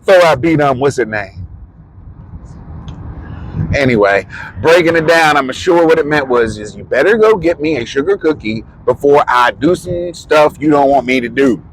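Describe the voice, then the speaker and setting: A man's voice: medium pitch, expressive, moderate pace, a little hiss or hum, poor audio. A man vlogging casually, rambling through personal stories with frequent swearing and laughter. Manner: rambling, profane, laughs often. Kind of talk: casual storytelling.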